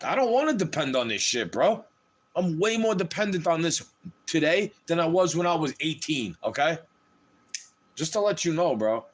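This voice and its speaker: A man with a high voice holds forth on a livestream in a heated, swearing rant. His pitch climbs and plunges widely as he talks, so the delivery sounds restless and agitated throughout. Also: sing-song, moderate pace. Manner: heated, profane, ranting.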